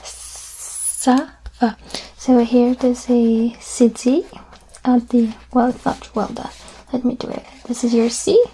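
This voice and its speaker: A woman in a whispered role-play as a French teacher, soft-spoken and patient, repeating each word slowly. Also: a little high, flat delivery, a little hiss or hum.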